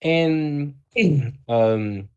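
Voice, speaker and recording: A man voicing a tall, slim male doctor in his forties with an oddly high-pitched voice and a polite bedside manner. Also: drawn-out words, warm tone, clean tone, highs cut off.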